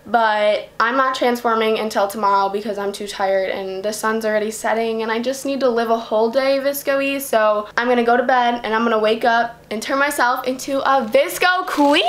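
A young woman talks straight to her camera in a casual vlog, her voice sitting a little high. She rambles in a chatty way, filling pauses with "like" and "um". She sounds like she is at home, sitting at her makeup vanity. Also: steady tone. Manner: chatty, lots of fillers like "like" and "um". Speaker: vlogger.

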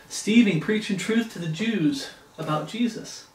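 A man's voice: sits high, measured pace, few pauses, roomy sound, far from the mic, rough recording. A man preaching a sermon, reading Bible passages aloud and breaking off into impassioned plain-spoken asides. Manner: reads scripture in King James wording, breaks off into impassioned asides.

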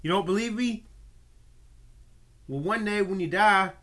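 A man ranting angrily to the camera, profane and confrontational, swinging from muttering to yelling. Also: high-pitched, a little slow, a little hiss or hum. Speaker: video blogger. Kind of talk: angry rant to camera.

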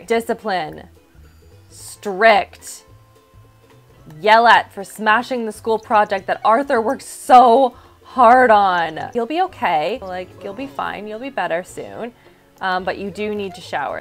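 A woman's voice: medium pitch, a little slow, soft background music. Chatty woman narrating her game. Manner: chatty, reacting aloud with gasps and laughs. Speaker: gaming YouTuber. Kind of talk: casual let's-play commentary.

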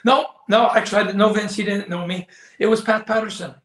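A man's voice: sits high, steady tone, fast talker, a bit bright. An older man, a former wrestling commentator, telling stories in a candid interview, acting out quoted dialogue and often saying "you know.". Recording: echoey room.

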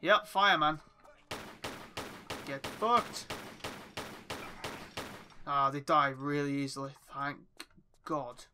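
Young man, casual let's play chatter, swears a lot, very bright tone, faint background hiss. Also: on the high side, slow, pauses often. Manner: chatty, swears often, talks to himself while playing. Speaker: gaming YouTuber.

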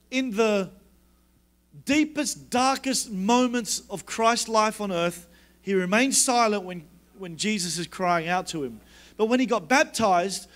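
Male guest preacher, high voice, casual humor, fervent sermon delivery. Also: fairly bright tone. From Australia. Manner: conversational, joking, builds to fervent emphasis. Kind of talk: conference sermon.

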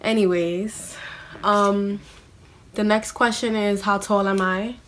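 A woman's voice: medium pitch, fairly even intonation, moderate pace, a bit bright. A young woman, chatting in a casual question-and-answer vlog. She is self-mocking and scatters "like" through her talk. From New York City. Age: young adult. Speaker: vlogger.

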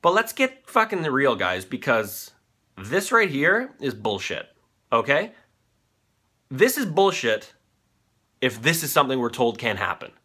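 A man's voice: mid-range voice, sing-song, unhurried, long pauses, pushed and bright, breathy edge. A man in his thirties hosting a comedic news commentary show, ranting with profanity while on cold medication. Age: 30s. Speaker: host.

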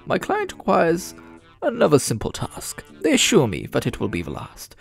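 A man's voice: a little high, huge pitch swings, normal speed, creaky, husky, faint music behind, pitched above the performer's own voice, exaggerated voice. A man voicing a secretive go-between in a grand, theatrical manner with rhyming flourishes.

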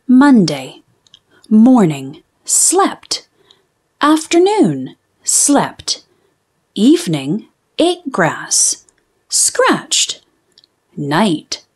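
A woman voicing a sleepy, bossy, carrot-demanding wombat in a children's storybook, with deadpan diary entries and sleepy words whispered. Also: mid-range voice, extremely slow, pauses often, slightly rough, exaggerated voice. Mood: dry, sleepy.

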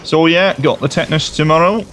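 A man's voice: fairly high pitch, a little fast, background noise. A man playing along in a casual game session, joking, swearing and putting on a mock accent. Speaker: co-player. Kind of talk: casual gameplay chat. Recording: game music underneath.

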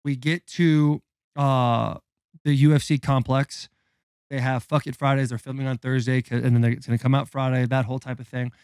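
A man's voice: mid-range voice, normal speed, clear, resonant tone, dry recording. Guy in his 30s hyping up a story on a podcast, lots of cussing, dry close sound. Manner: animated, profane, dramatic build-up. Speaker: podcast co-host. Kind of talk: casual storytelling.

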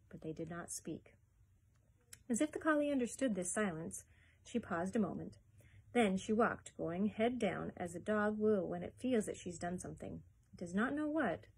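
A woman librarian reading a children's chapter book aloud in a steady, expressive storytelling voice. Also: mid-range voice, breathy edge, poor audio.

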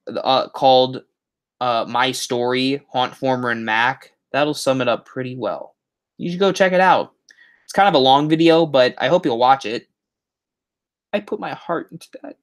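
A man hosting a livestream on a headset, chatting casually and reading out viewer comments in a rambling way. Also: a little high. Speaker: YouTube livestream host.

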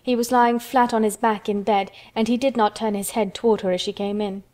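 A woman reading a children's storybook aloud in steady, measured narration. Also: on the high side.

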